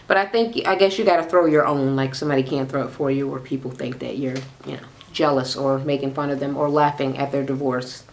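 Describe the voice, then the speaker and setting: A woman's voice: rumbling low, fairly quick, few pauses. Sassy profane woman ranting. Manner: animated, sassy, swears freely, acts out quotes. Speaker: reality TV recap vlogger. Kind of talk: casual profane recap rant.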